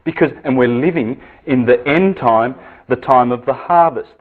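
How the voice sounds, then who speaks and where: A man giving an esoteric lecture with visual aids, lively and full of rhetorical questions and repeated phrases. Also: mid-range voice, moderate pace. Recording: tinny phone-like lecture recording.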